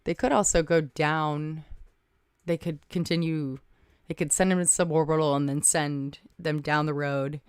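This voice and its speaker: A woman's voice: low-pitched, steady tone, measured pace, clean tone, no echo, studio quality. A woman hosting a casual livestream, chatting, thinking aloud and thanking viewers by name. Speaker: livestream host. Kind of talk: casual livestream chat reading viewer comments.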